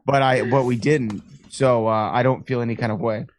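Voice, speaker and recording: A man's voice: medium pitch, fairly even intonation, normal speed, slight background noise. A man guesting on a live podcast by call, bantering playfully and teasing about sports rivalries. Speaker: podcast guest, author and wrestling announcer. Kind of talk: casual interview chat.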